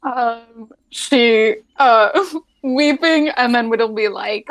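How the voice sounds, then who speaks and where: High-voiced woman playing a tabletop game. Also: very slow. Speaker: player. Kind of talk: casual tabletop play.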